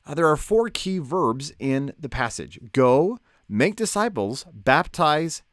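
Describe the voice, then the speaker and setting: A man teaching a lesson on Bible study in a lively, conversational way, asking rhetorical questions. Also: on the high side, slow pace, no echo, studio quality.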